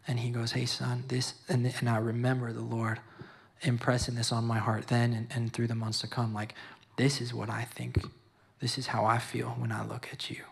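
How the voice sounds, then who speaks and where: A young man shares his testimony at a youth service. His pitch sits mid-range, and he keeps stopping, repeating words and drifting into preaching. His speech is personal and full of feeling. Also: vocal fry. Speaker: father giving testimony.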